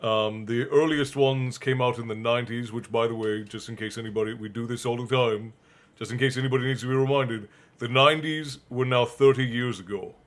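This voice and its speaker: A man's voice: medium pitch, steady tone, a little fast. Chatty young man reading on stream. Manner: chatty, laughing asides to chat. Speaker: stream host and reader. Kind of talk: casual live-stream book reading.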